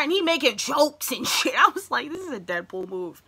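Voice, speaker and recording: A young woman vlogging a casual film review, retelling scenes with lots of fillers and rising into excited outbursts. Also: normal speed, vocal fry, husky. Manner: excited retelling with many fillers, voice jumps high when worked up. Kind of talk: casual chat.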